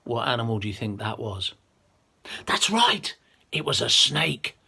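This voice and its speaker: A man telling a children's story with a puppet. His voice swoops up and down and sits at an ordinary middle pitch, coaxing and playful throughout. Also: big pitch swings, unhurried, creaky, pushed and bright, breathy edge.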